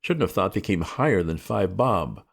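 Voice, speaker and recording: A man voicing a breezy, flippant young gentleman who chatters excitably. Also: low-pitched, moderate pace, creaky, slightly rough, heavily acted.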